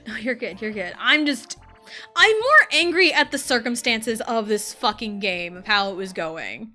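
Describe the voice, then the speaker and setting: A young adult woman streaming a party game live, swearing freely and swinging from frustrated yelling to low muttering. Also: expressive, measured pace, long pauses. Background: game music.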